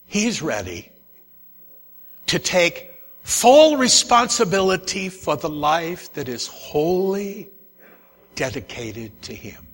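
A man's voice: on the high side, big pitch swings, takes it slowly, a bit bright. A male pastor preaching a sermon, emphatic and repeating his key phrases, speaking familiarly to his congregation in a church. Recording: long echo of a large church hall.

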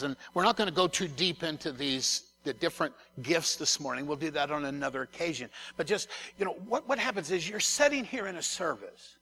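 A man's voice: on the high side, bright, forceful tone, breathy edge. A man, a pastor, preaching a conversational sermon to his congregation, often repeating words and turning to the listeners.

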